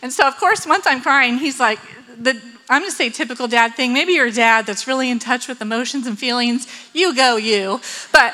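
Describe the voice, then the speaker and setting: A woman with children tells a personal story in a fairly high, pushed, bright voice at a brisk pace. She acts out the quotes and laughs often, and the recording is low quality.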